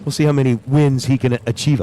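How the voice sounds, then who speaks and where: A man's voice: mid-range voice, fairly even intonation, fairly quick, warm tone, a little hiss or hum. A man calling drag races live at the track, chatting and joking between runs. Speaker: drag race announcer. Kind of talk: live race commentary. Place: outdoors at a racetrack.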